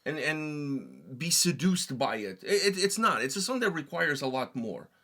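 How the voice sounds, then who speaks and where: A man with a somewhat high voice chats casually about a music video he just watched. He is animated, repeats himself and leans on fillers. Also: normal speed. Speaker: reaction channel co-host. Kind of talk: casual reaction chat.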